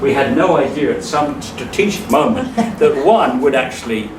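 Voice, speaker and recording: A man's voice: mid-range voice, big pitch swings, normal speed, gravelly. A man giving a public lecture in a hall, emphatic and scornful, laughing at his own jokes. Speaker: speaker. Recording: echoey hall from far off, noisy.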